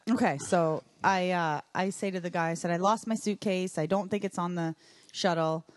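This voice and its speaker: A young adult woman, a podcast guest, telling a travel mishap story in an animated way and acting out her own panicked lines. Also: lowish voice, normal speed. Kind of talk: casual storytelling chat.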